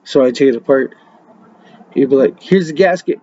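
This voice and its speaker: A man's voice: on the high side, animated, moderate pace, darkish tone, dull audio. Profane, laughing man telling stories. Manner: profane, laughing, rambling storyteller. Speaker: podcast host. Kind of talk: casual storytelling. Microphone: webcam mic.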